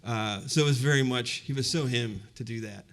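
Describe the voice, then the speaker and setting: A man's voice: mid-range voice, fairly quick. A man in his fifties telling a personal story in a conversational, reflective way during a university talk, with frequent fillers. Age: 50s. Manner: conversational and reflective, many fillers like "you know". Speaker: university presenter. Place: university event before a live audience.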